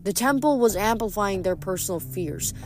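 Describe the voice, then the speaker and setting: A woman reading a novel aloud as a hobby reader, with expressive, dramatic narration. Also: medium pitch, normal speed, music in the background. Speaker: audiobook reader.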